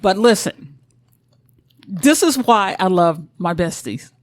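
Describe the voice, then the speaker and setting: A middle-aged woman tells a story on a podcast. She cusses freely, laughs between lines and lets her pitch swing widely. The recording is dry and close. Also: slow pace, dry recording. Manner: profane, animated, laughing storyteller. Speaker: podcast co-host. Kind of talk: casual chat, storytelling.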